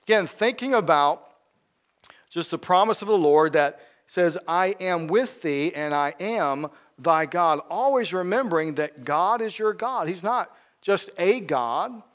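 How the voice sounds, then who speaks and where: A man preaches a sermon from the pulpit of a church, speaking a little high in his register. He keeps putting questions to the congregation and circles back over key phrases for emphasis. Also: animated, unhurried, fairly bright tone. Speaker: pastor.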